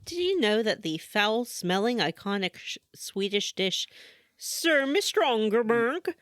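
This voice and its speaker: A woman's voice: medium pitch, very animated, measured pace, fairly bright tone, smooth, no echo. Dry, teasing woman on a podcast. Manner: dry, teasing trivia delivery. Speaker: podcast co-host. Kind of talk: casual podcast chat.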